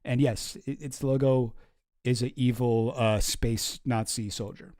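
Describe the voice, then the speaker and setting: A man's voice: mid-range voice, steady tone, a little slow, darkish tone, dry recording, studio quality. A man hosting a casual commentary stream, reading news posts aloud with sarcastic, swearing asides. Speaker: streamer host.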